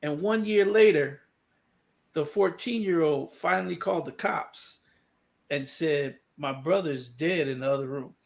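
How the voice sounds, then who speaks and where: A man joins a casual live stream and recounts a story in a matter-of-fact tone. His voice is gravelly and pitched slightly high for a man. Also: a little slow. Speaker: livestream guest. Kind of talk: casual livestream chat, storytelling.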